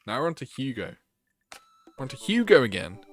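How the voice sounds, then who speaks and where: A man's voice: mid-range voice, very animated, fairly quick. A man streaming a game, reading its text aloud and chatting with his viewers. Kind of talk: gaming livestream chat.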